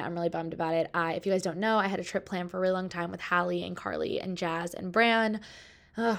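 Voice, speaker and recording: A young woman in her twenties hosting her podcast, chatting candidly with lots of "like" fillers and casual swearing. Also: on the low side. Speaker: podcast host. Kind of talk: casual chat.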